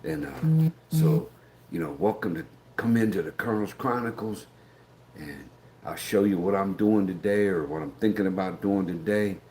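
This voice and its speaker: A man's voice: lowish voice, expressive, moderate pace, warm tone, slight background noise. A middle-aged American man hosting a casual morning live stream, folksy and rambling, greeting viewers by name. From United States. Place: outdoors, filming on a gimbal. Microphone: handheld camera on a gimbal.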